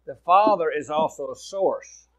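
A man's voice: fairly high pitch, lively intonation, a little slow, low-quality recording. A man with a Midwestern American accent preaching a sermon, speaking in a folksy, plain-spoken way and talking directly to his congregation. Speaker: pastor.

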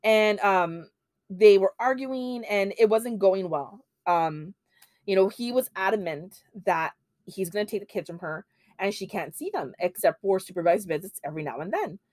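A woman's voice: mid-range voice, expressive, normal speed, darkish tone, no echo, studio quality. Chatty woman telling a true crime story. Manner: chatty, many fillers, drops Spanish phrases; acts out quoted lines in a heated voice. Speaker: podcast host.

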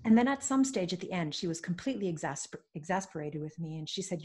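Husky-voiced woman telling stories. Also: on the low side, fast. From Canada. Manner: lively self-mocking storyteller. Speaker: podcast guest, business coach. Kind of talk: casual interview storytelling.

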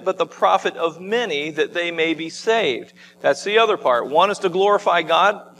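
Guy pastor preaching, kinda high voice, chatty and rambly, echoey church hall. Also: a bit bright, slight background noise. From United States. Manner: conversational preaching with frequent restarts and asides. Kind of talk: sermon. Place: church sanctuary.

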